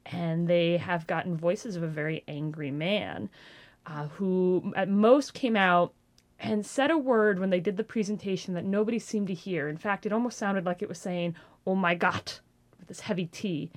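Woman in her thirties, ghost tour guide, lively storyteller, fairly low voice. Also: normal speed. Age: 30s. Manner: animated storyteller, acts out gasps and quotes. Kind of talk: storytelling interview.

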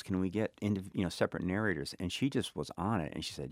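Low-voiced reflective man from Chicago. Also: dry recording, studio quality. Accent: South Side Chicago. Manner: thoughtful, halting, many restarts. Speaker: author guest. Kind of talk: reflective interview talk.

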